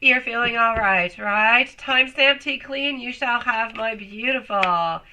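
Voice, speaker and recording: Bright, affectionate woman reading tarot live. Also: fairly high pitch, measured pace, poor audio. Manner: warm, chatty, calls viewers sweetie and love. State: voice still sounds off while recovering. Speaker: tarot reader.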